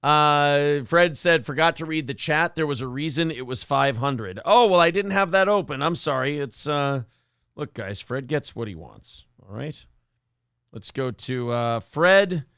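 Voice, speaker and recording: Male host, gravelly, crude and self-mocking, dry close sound. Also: a little high, animated, measured pace, a bit bright, no room sound. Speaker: morning show host reading live chat. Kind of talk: casual profane chat.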